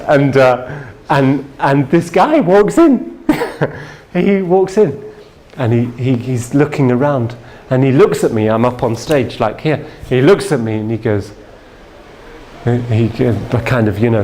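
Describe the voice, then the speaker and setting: A man's voice: medium pitch, expressive, slow, a little mellow. A man giving a sales training seminar from a stage, telling a story in a chatty way and checking in with the audience. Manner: anecdotal, chatty, checks in with "yeah?".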